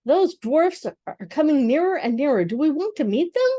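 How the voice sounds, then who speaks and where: A woman's voice: high voice, sing-song, normal speed, warm tone, no echo, highs cut off, pitched above the performer's own voice. An older woman voicing a loyal male unicorn who speaks sharply and urgently for a storybook reading.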